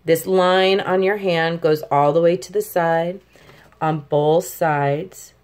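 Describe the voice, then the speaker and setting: A middle-aged woman patiently teaching a tapping technique step by step, often checking in with the listener. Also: on the low side. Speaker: tapping instructor. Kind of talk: step-by-step demonstration lesson.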